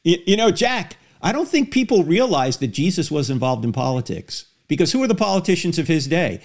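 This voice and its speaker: A man hosting a talk show, asking emphatic rhetorical questions with sharp rises when indignant. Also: a little high, big pitch swings, fairly quick, hardly any pauses. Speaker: host.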